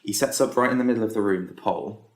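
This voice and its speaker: A man's voice: fairly low pitch, fast talker. A man, an entrepreneur guest on a podcast, telling a long story in a casual, hesitant way full of ums and restarts.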